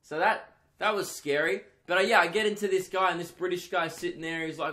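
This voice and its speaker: Brief: young male comedian, solo podcast monologue, rambling, swears a lot, slightly high-pitched. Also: fairly quick. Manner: rambling, animated storytelling with frequent swearing and filler words.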